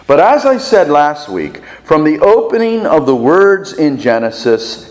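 Slow, animated male pastor in echoey church. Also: on the high side. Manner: deliberate, uses rhetorical questions and repetition. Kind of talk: sermon. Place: church sanctuary. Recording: reverberant church hall.

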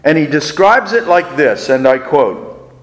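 A male preacher telling a sermon story, slow and deliberate, leaning on dramatic pauses. His voice sits slightly high, and it rings out with the long reverb of a big hall. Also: sing-song.

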